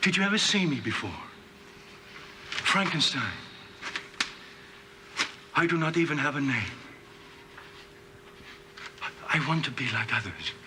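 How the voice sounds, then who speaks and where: An anguished, halting creature. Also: male voice, a little high, sharp tone, slight background noise, exaggerated voice. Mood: bewildered. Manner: halting, slow, plaintive. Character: tormented male creature, childlike, articulate, pleading. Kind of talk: 1970s TV horror drama.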